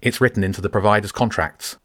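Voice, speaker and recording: A man voicing a grumpy, sharp-tongued older female school caretaker with a whiny, barking delivery. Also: fairly low pitch, steady tone, fast talker, no room sound, studio quality, natural voice. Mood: dismissive. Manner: curt and dismissive. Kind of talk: audiobook character voice.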